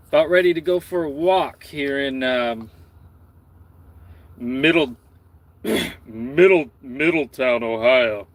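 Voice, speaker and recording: A man talking casually on a live stream from his parked truck at night, rambling with dry, self-mocking asides. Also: medium pitch.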